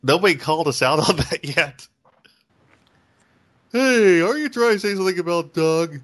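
Male co-host, lively pitch, casual and excitable chat. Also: normal speed. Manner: excitable, reacts with frequent exclamations. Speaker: podcast co-host.

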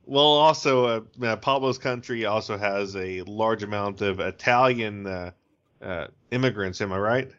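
Joking man with a bright voice. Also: fairly low pitch, normal speed, smooth. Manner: joking, laughs between lines. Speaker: podcast co-host. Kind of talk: casual chat. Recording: dull lo-fi audio.

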